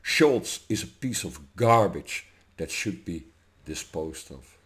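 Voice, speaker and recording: Slow, ranting man. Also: lively intonation. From Germany. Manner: ranting, profane, swings between shouting and low menacing mutter. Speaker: vlogger. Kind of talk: angry political rant to camera.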